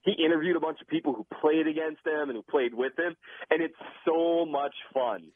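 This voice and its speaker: Quick-talking man on a phone line. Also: fairly high pitch, no echo. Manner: quick, animated, restarts often. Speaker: football analyst guest. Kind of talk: casual sports talk. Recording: muffled phone line, dry.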